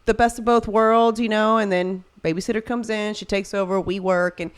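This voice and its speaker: A woman in her thirties speaks at a normal speed with a medium pitch and a clean tone. She's a mother chatting casually on a podcast, an animated storyteller who acts out the voices of people in her stories.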